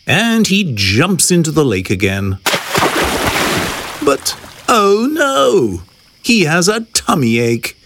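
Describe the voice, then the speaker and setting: A man reading a simple children's story aloud in a deliberate, expressive way. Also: a little high, slight background noise. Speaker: storybook reader.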